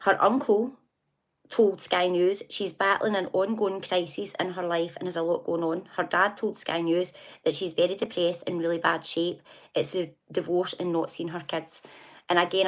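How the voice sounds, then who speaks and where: A middle-aged woman with a Scottish accent talks through the news on a relaxed livestream. Her voice sits a little low, and she chats in a gossipy way, laughing often and reacting to viewer comments as she goes. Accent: Scottish (Glasgow area). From Scotland. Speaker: livestream host. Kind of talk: casual livestream chat reading news and comments.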